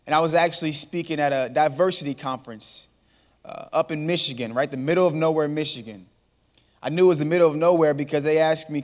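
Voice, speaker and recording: Man in his thirties, animated speaker working a crowd, fairly high voice, long hall echo. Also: fast. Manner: lively storyteller, calls out to the crowd. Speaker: motivational speaker. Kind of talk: storytelling talk to a live audience. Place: large hall before an audience.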